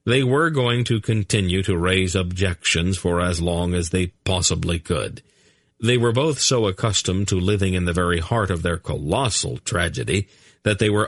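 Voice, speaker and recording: A man narrates a fantasy audiobook in a measured storytelling voice. His tone is low and gravelly with a husky grain, and he shifts his pitch lively between characters, heard dry and close. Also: dry recording. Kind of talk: scripted narration.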